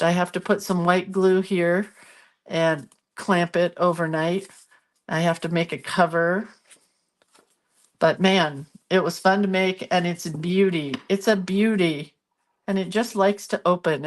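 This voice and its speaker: Slow-talking woman hosting a craft livestream. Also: lowish voice, fairly even intonation. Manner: chatty, greets viewers by name. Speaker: art livestream host. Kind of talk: casual live craft chat. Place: home craft room.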